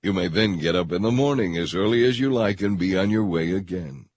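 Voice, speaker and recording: A man's voice: sits low, brisk, darkish tone, husky. A man reading the lines of an anxious old man who pleads and begs. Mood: pleading. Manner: earnest, pleading.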